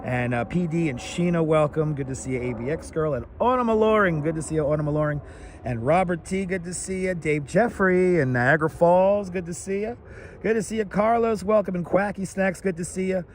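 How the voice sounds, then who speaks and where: A hoarse-voiced man hosting a live walking stream outdoors, rattling off viewer names and welcomes on a clip-on mic. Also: high-pitched, fairly quick, slight background noise. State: scratchy, hoarse voice. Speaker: livestream host. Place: outdoors on city streets. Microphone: wireless clip-on mic.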